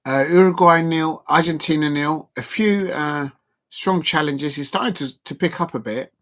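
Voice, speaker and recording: A man hosting a live football watch-along stream, rambling and excitable, full of fillers and repeats. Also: a little high, moderate pace.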